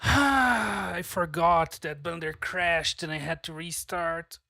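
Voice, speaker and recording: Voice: mid-range voice, slow pace, gravelly, bright, forceful tone, dry recording, clean studio sound. A streamer talking casually on a live stream while working, frustrated, swearing a lot and muttering to themselves.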